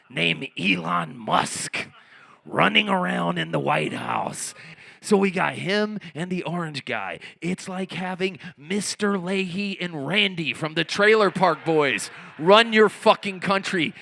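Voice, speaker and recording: A middle-aged man from the United States performs spoken-word comedy on a theatre stage, talking into a handheld mic. His voice is gravelly and tense, pitched a bit high for a man, and he keeps swinging from hushed asides to profane shouting. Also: unhurried. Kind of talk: stand-up storytelling on stage. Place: theatre stage before a live audience. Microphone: handheld stage microphone.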